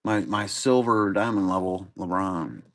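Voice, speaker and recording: A man with a low-pitched, slightly bright voice speaks at a measured pace. He's hosting a live card-break stream, chatting casually and rambling in a laid-back way, with some swearing thrown in.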